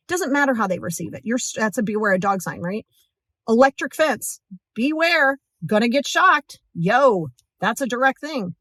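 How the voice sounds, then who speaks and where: A woman's voice: on the high side, lively intonation, fairly quick, fairly bright tone, dry recording, studio quality. A woman hosting a motivational podcast, talking directly and emphatically to the listener. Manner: direct, emphatic, acts out quoted voices. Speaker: podcast host.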